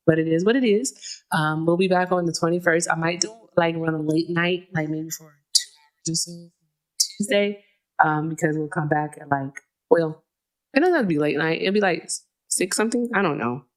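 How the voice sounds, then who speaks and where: Chatty, low-voiced woman streamer. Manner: chatty, profane, laughs often. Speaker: livestream host. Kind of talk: casual livestream chat. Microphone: headphones with mic at a streaming desk.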